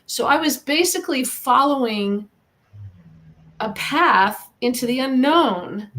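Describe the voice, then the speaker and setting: A woman's voice: high-pitched, expressive, slow, a bit bright. A middle-aged American woman, a guest in an interview, telling her story in an earnest, encouraging way. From United States. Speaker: guest, animal communicator. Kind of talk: casual interview talk.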